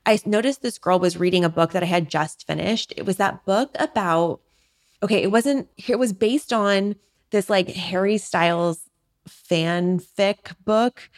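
A woman's voice: medium pitch, measured pace. Chatty woman podcast host. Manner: chatty, frequent "like", animated rants with acted-out quotes. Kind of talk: casual storytelling monologue.

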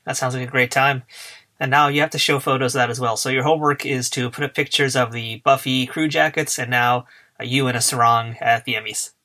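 A man's voice: medium pitch, steady tone, brisk, bright, forceful tone. A man hosting a casual interview, laughing along with his guest and asking long questions. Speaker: podcast host.

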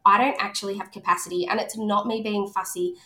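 A woman's voice: mid-range voice, quick pace, a crowd in the background. An Australian woman in her thirties, a podcast guest telling stories animatedly and acting out the dialogue. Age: 30s. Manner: animated storyteller who acts out quoted dialogue. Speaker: podcast guest, speech pathologist. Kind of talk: casual podcast conversation. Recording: echoey room.

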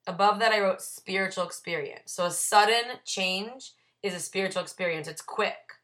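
A woman's voice: medium pitch, normal speed, fairly bright tone. A woman leading a recovery book study, reading passages aloud and explaining the notes she wrote beside them. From Ohio, USA. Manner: reads passages then explains her own notes. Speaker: AA Big Book study leader. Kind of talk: reading aloud and commenting on a text.

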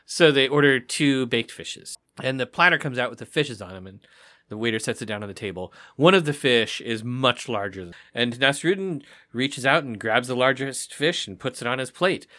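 A man's voice: mid-range voice, lively intonation, moderate pace, bright, forceful tone. A man co-hosting a casual podcast, telling jokes and stories and acting out the characters. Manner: storytelling with acted-out character voices. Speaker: podcast co-host.

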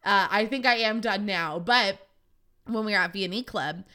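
A young woman hosts her podcast in a loose, chatty way and swears often. Her voice is bright and forward. She tells stories by putting on the voices of the people in them. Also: medium pitch, moderate pace, smooth. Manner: chatty, swears freely, acts out quotes in a raised voice. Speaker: podcast host. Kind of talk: casual chat.

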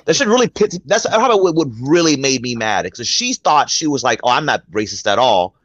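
Husky man ranting on a panel. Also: medium pitch, big pitch swings, fairly quick, fairly bright tone, dry recording, lo-fi sound. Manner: heated, ranting, profane. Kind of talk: casual panel discussion.

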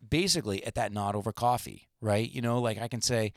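Rambling low-voiced male podcast host. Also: fairly quick, hardly any pauses, no echo, studio quality. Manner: rambling, many fillers and restarts. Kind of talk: casual discussion.

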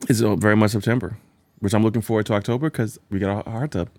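A young adult man with a lowish voice, co-hosting a casual podcast, easygoing and slangy, telling stories and laughing often. The sound is dry and close to the mic. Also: steady tone, fast, darkish tone, dry recording. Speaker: podcast co-host. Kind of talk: casual chat.

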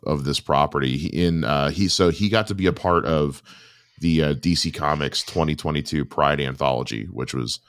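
A man co-hosting a podcast in casual chat, talking haltingly with many fillers. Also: extremely low pitch, dry recording, clean studio sound. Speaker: podcast co-host.

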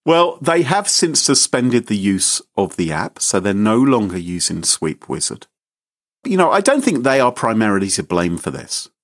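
Male podcast host, low voice with lively, swinging pitch, dry sarcastic delivery, close dry sound. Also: normal speed, no room sound. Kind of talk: casual podcast chat.

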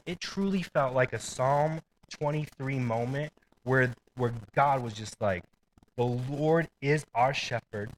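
A man gives a casual, conversational sermon, his voice bright and clear at a middle pitch. He talks easily, tosses in asides between points, and has a faint noise floor behind him. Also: rough recording. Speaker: pastor.

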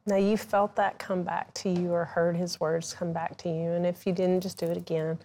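A woman's voice: lowish voice, level tone, normal speed, warm tone, a little hiss or hum. A woman author, a guest on a Christian talk show, speaking earnestly as she teaches and leads a prayer.

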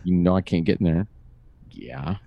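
A man in his fifties co-hosts a podcast from a home recording room, telling stories in a wry, dry, casual conversation. He speaks briskly in a lowish voice, and the recording is dry and lo-fi.

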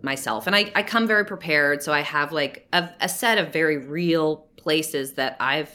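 A woman in her forties, an actor guest in a casual interview, talking loosely with fillers and soft laughs. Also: low voice, moderate pace.

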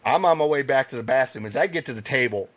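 A man, a podcast guest, telling animated stories in a casual chat, swearing now and then. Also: medium pitch, fast. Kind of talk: casual storytelling.

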